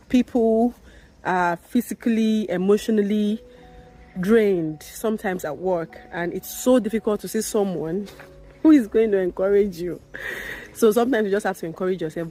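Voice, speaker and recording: Emphatic woman vlogging. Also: dark tone. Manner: emphatic, repeats phrases, rises in pitch when indignant. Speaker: midwife vlogger. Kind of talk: candid talking-to-camera vlog.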